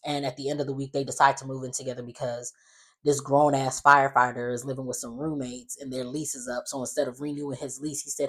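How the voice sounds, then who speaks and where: A chatty host casually recapping the week's soap episodes. The delivery is loose and opinionated, with plenty of fillers and quick asides. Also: medium pitch, level tone, slightly rough.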